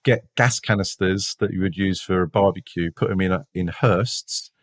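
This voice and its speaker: A man with a London accent, a detective, telling work stories in casual podcast talk, animated, with frequent restarts and repeated words. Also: deep voice, moderate pace, dry recording, studio quality. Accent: London English. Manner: laughs while telling stories.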